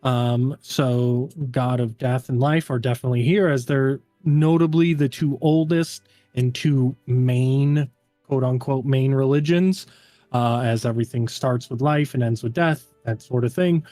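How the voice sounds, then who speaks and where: A man's voice: medium pitch, fairly even intonation, unhurried, dark tone, dry recording, faint music behind. Casual man narrating as game master. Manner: casual, filler-heavy narration with many "um" and "like".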